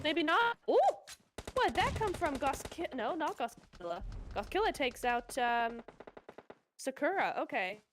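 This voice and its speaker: Excitable woman calling live esports play-by-play. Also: fairly high pitch, noisy background. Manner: excitable, chatty, exclaims often. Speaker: esports caster.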